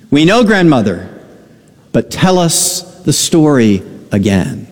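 Male pastor, middle-aged, slow earnest sermon storytelling, long reverb behind. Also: fairly high pitch, expressive, darkish tone.

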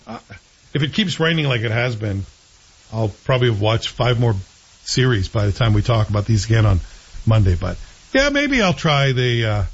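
A man's voice: mid-range voice, slightly rough, muffled recording. A man hosting a show, chatting casually and with strong opinions about a TV series he is watching. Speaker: show host. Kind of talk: casual TV review chat.

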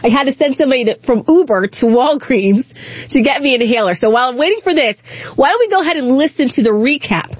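A woman's voice: high voice, animated, fast talker, slightly rough, no echo. A woman radio talk show host, out of breath, chatting with sarcastic asides from the studio.

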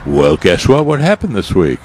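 A man co-hosting a radio gardening show in casual chat, talking haltingly with many fillers and restarts. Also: deep voice, huge pitch swings, a little mellow, a little hiss or hum.

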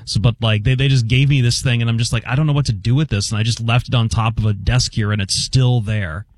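Fast, rambling man on radio. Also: mid-range voice, fairly even intonation. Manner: rambling, quick. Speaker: sports radio co-host. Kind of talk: casual radio banter. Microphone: studio mic.

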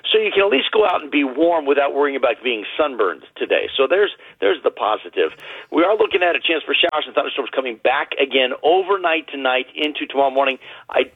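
A man's voice: mid-range voice, breathy edge, no room sound. A man giving the weather forecast for a radio show in an upbeat, chatty, folksy way, calling in by phone. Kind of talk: weather report on a call-in. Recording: dry, tinny phone line.

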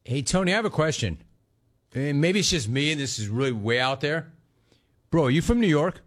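A man's voice: fairly high pitch, animated, brisk. A man hosting a call-in sports talk radio show, brash and joking, calling people dude and bro.

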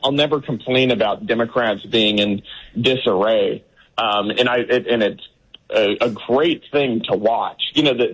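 A man's voice: medium pitch, breathy edge, lo-fi sound. A man from Texas, a guest in a political interview, talking emphatically with many fillers and restarts.

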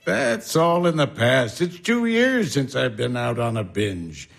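A blustery old doctor, brushing off every warning. His gravelly voice swings about with gusto. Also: medium pitch, expressive, unhurried, faint music behind. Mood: gruff. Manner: blustery, dismissive. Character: gruff, jovial old army doctor. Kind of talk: stage drama acting.

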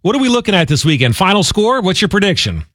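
Higher-voiced male radio anchor. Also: big pitch swings, fast talker, a bit bright, dry recording. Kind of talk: live radio news chat.

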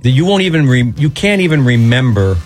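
A man's voice: medium pitch, very animated, a little fast, a little mellow, soft background music. A man co-hosting a casual talk show, self-pitying and defensive as he jokes with his friends. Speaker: co-host. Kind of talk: casual banter.

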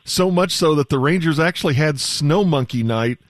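A male radio host chatting about sports with a guest in a relaxed, joking way. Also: on the high side, moderate pace, dry recording, clean studio sound.

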